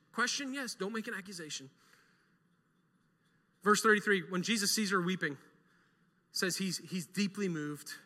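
A young adult man preaching a sermon as pastor, emphatic and energetic, firing off rhetorical questions and repeating key phrases. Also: sits high. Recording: long hall reverb.

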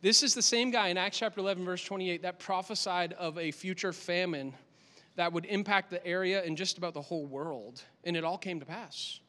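A male pastor giving an animated, conversational sermon in a church, with lots of repetition for emphasis. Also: sits high, fairly quick. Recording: long hall reverb.

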